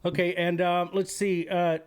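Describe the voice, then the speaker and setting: Hesitant, slightly high-voiced male host. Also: little pitch movement, moderate pace, clear, resonant tone. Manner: hesitant, with many restarts and fillers. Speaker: podcast host. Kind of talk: casual interview.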